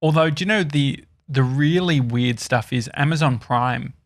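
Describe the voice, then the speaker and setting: A man's voice: mid-range voice, steady tone, normal speed, no room sound, studio quality. An Australian man hosting a podcast, telling rambling stories in casual chat with plenty of hesitations. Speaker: podcast host.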